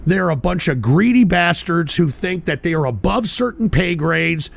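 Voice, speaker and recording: A man hosting his own livestream radio show, ranting angrily with lots of swearing and sudden shouted bursts while answering chat. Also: on the high side, lively intonation, normal speed, gravelly. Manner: profane, combative, shouting bursts. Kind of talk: angry ranting commentary, reading chat.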